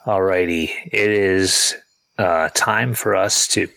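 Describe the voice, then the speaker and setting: Male podcast host, low and bright, slightly hoarse, easygoing. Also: steady tone, slow, poor audio. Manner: easygoing, self-deprecating. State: voice going hoarse. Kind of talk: casual chat.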